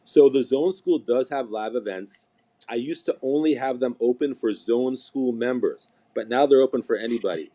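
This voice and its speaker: Man, chiropractor, live-stream chat, relaxed dark tone, lively storyteller. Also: mid-range voice, normal speed. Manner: animated storyteller, acts out quoted patients. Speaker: chiropractor and seminar teacher.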